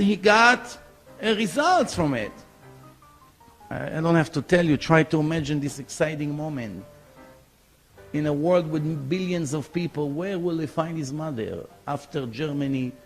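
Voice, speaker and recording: A male rabbi telling stories in a sermon, acting out the voices of the people in them, in English with slips of grammar. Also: fairly high pitch. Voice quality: non-native English grammar. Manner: animated storytelling, acting out quoted voices. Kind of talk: sermon storytelling.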